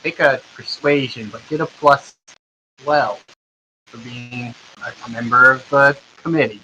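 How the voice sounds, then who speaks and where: A man's voice: medium pitch, unhurried, pushed and bright, highs cut off, slight background noise. A young man running a tabletop game as game master, narrating in an easygoing way with lots of ums. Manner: easygoing, many ums and likes.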